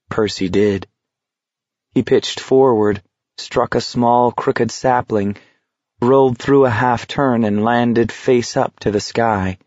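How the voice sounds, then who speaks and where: A male audiobook narrator telling the story slowly and evenly, in a mid-pitched voice. The recording is close and dry. It sounds slightly dull and lo-fi. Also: fairly even intonation, darkish tone, no room sound. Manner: slow, measured storytelling.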